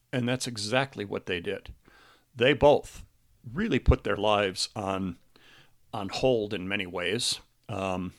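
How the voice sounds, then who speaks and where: A middle-aged man hosting a podcast, speaking about a recent loss in a halting, earnest way, grieving and close to tears. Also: medium pitch, gravelly, a bit bright. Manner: halting and earnest, with many restarts. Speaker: podcast host. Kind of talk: personal monologue.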